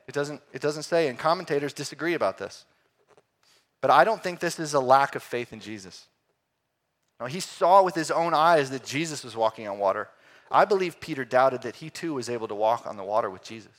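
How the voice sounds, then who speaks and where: A man preaching a sermon, swinging between loud emphatic lines and quiet, hushed ones. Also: mid-range voice, animated, brisk.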